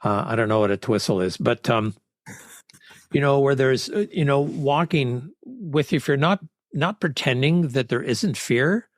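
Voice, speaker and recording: A man's voice: mid-range voice, animated, a little slow, dry recording, studio quality. Thoughtful man musing aloud as host. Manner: thoughtful, musing, searching for words. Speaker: podcast host. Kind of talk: reflective interview chat.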